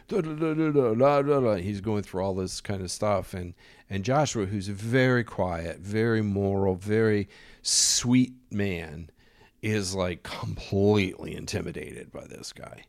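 A man telling a wild anecdote in a casual, animated way, with lots of swearing and vivid detail. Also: deep voice, no room sound, studio quality. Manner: profane, animated, vivid storytelling. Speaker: storyteller.

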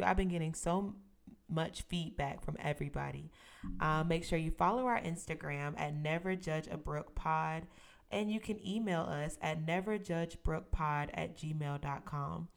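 A young woman hosts her own podcast, talking to listeners like close friends. Her voice sits a little low for a woman, and she is playful and emphatic, pushing hard on the words she wants to land. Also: moderate pace, creaky. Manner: expressive, playful, sisterly and emphatic. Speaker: podcast host. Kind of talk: casual solo podcast talk.

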